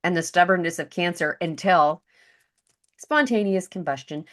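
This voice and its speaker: A woman's voice: on the low side, moderate pace. A woman co-hosting a podcast, chatting casually and chiming in often. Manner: chatty, agreeable, jumps in often. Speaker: podcast co-host. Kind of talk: casual chat.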